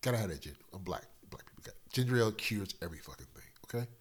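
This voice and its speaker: A middle-aged man hosting a casual solo podcast, loose and profane, slightly congested from a cold, swinging between loud and quiet. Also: fairly low pitch, animated, rapid-fire. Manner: loose, profane, rambling storyteller with big swings in loudness. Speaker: podcast host.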